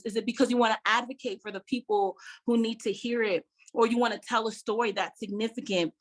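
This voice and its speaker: A woman's voice: on the high side, fairly bright tone. A middle-aged woman giving an online public speaking workshop, talking conversationally, repeating key points with emphasis and laughing between them. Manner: laughs between points, addresses viewers directly.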